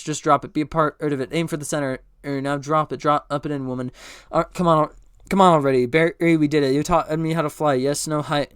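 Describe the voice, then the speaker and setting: A man tears through a movie script as a comedic speedrun, voicing every line himself. His voice is smooth and a little high, and he trips over words, backs up and corrects himself with a flat, deadpan delivery. The sound is close and dry, with no room around it. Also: no room sound. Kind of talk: rapid comedic script read-through, all parts.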